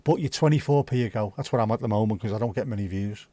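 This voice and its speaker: Mellow Scouse man chatting on a livestream. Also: fairly low pitch, fast talker, no echo. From Liverpool, England. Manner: chatty, rambling, swears freely. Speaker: livestream host. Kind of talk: casual livestream chat.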